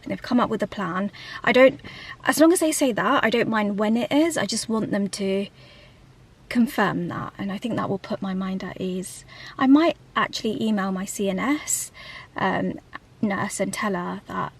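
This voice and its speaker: Candid woman vlogging softly from a car. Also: medium pitch, normal speed, slightly rough. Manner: candid, often dropping to a soft whisper. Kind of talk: casual vlog to camera. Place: in a parked car.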